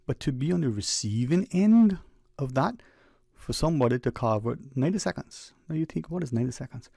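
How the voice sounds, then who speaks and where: This man's mid-range voice is gravelly, mellow and slightly rough, with lively intonation, captured with no echo at studio quality. He's a talk radio host from the Cayman Islands, musing and preaching in a conversational way while quickening and slowing for emphasis. He records in a radio studio on a studio microphone.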